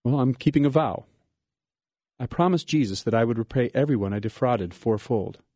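Brief: man doing an earnest, apologetic tax collector for a dramatic reading, husky and quick. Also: medium pitch, dark tone, no echo, natural voice.

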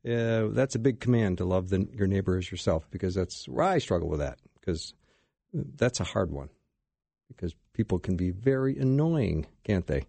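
A man's voice: sits low, lively intonation, moderate pace, vocal fry, warm tone, slightly rough, no echo. A man hosting a Christian talk radio show in a studio, casual and self-deprecating with his guests.

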